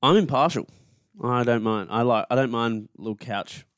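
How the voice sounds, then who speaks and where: A man's voice: medium pitch, normal speed, no echo, studio quality. Bantering young Australian man. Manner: teasing banter, stumbling restarts. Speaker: podcast co-host. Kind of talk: casual chat.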